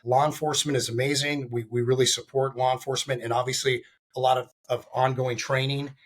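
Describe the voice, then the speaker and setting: A man's voice: medium pitch, level tone, brisk. A man speaking as a guest on a podcast interview, talking in a rambling way with lots of fillers and restarts. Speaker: guest, firearms training company founder.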